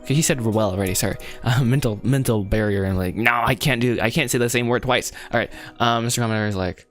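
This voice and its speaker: A man's voice: mid-range voice, quick pace, faint music behind. Young man, casual livestream chat, rambly, self-deprecating, frequent laughs, mid-range voice. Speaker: livestreaming writer.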